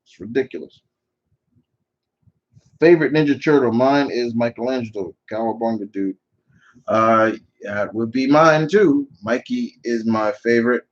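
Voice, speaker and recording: A man's voice: medium pitch, unhurried. Male host for a live Q&A stream, mid-range voice, opinionated and rambling with lots of restarts, on slightly dull lo-fi audio. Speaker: channel host answering viewer questions. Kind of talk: live Q&A chat.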